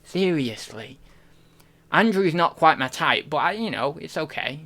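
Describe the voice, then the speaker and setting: A man chatting loosely on a live stream, giggly and rambling, and full of restarts. His voice sits a little higher than most men's. The talk is unscripted and offhand. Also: lively intonation, a little slow, sharp tone. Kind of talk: casual live-stream chat.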